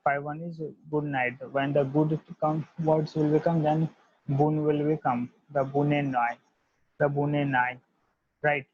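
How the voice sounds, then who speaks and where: A man teaching an online language lesson, repeating each word several times in a slow, deliberate way. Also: on the high side, little pitch movement, slightly rough, no echo. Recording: dull lo-fi dry audio.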